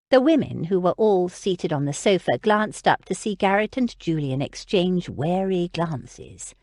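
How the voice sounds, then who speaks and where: Expressive female audiobook narrator. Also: on the low side, no echo, clean studio sound. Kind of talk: audiobook narration of a historical romance.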